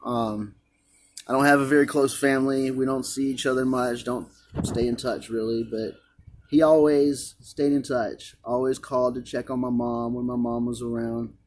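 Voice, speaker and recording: A man's voice: medium pitch, normal speed, vocal fry, darkish tone, a little hiss or hum. A man earnestly recounting a personal religious experience, rambling and repeating himself as he talks. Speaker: vlogger. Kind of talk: emotional personal testimony.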